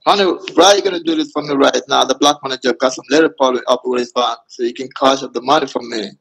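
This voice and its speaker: A man's voice: medium pitch, fast talker, creaky, a bit bright, breathy edge, poor audio. A man on a voice chat, pleading and sweet-talking in broken English, calling her baby over and over. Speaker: scammer. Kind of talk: romance-scam voice chat.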